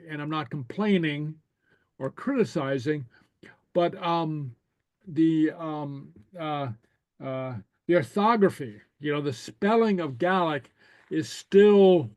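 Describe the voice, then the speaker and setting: Guy teaching a language class, kinda high voice, lots of uh and okay, chuckles, dry close sound. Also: a little mellow, no echo. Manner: unhurried and hesitant, full of okays and chuckles; says new words slowly for others to repeat. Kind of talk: relaxed classroom lesson.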